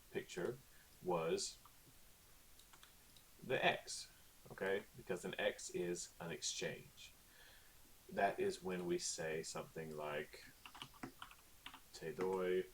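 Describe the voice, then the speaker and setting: A man's voice: sits low, gravelly, slight background noise. A male teacher talking casually through a recorded online lesson, with lots of okays and ums. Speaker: Spanish teacher.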